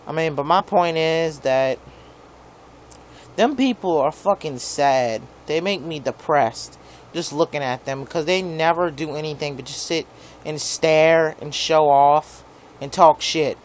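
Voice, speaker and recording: A man's voice: a little high, unhurried, slight background noise. A young man in a profane, rambling rant about his neighbors, peppered with "like". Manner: profane, rambling, heavy use of "like". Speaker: vlogger. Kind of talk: rambling angry rant to camera.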